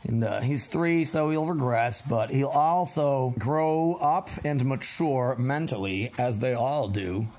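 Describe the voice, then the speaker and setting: A dog trainer from Massachusetts chatting casually through a vlog, breaking into a high baby voice to talk to the dogs. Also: male voice, slow, few pauses, a little mellow. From Massachusetts, USA.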